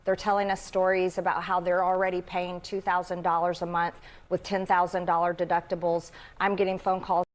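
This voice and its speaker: Low-voiced Southern congresswoman, firm. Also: level tone, fairly quick. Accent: American Southern. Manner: firm, practiced political talking points. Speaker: congresswoman being interviewed. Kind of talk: news interview answers.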